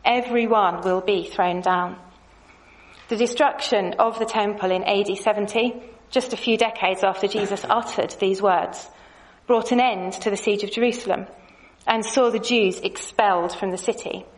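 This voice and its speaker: Measured woman teaching a lesson. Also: medium pitch, fairly even intonation, rough recording. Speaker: Bible teacher. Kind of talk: scripted lesson with slides.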